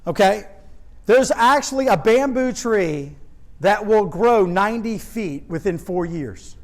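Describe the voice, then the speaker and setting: A man's voice: high-pitched, lively intonation, unhurried, poor audio. A man giving a motivational keynote speech on stage, telling stories and speaking straight to the audience, repeating phrases for emphasis. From Louisiana, US. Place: stage before a live audience.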